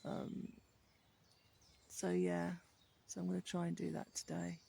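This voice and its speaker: A woman from Birmingham with a softened Brummie accent, chatting casually and rambling with many ums, sounding tired. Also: lowish voice, completely flat delivery, a little slow, gravelly, slightly rough. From Birmingham, England. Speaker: vlogger. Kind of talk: casual chat to camera. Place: outdoors in woodland with birds.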